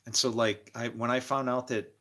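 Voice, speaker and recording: An older man hosting a casual livestream, rambling, emotional and laughing often, swinging between loud and quiet. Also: mid-range voice, level tone, moderate pace. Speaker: livestream host.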